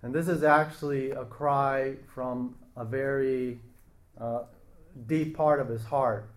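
A man preaching a sermon in a slow, earnest way, pausing and restarting his phrases. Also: mid-range voice, fairly even intonation.

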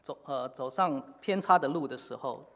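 A man preaching a sermon in short phrases, pausing often with fillers for an interpreter. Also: mid-range voice, fairly bright tone. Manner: halting, many filler pauses. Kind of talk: sermon in Chinese with live interpretation. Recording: long hall reverb.

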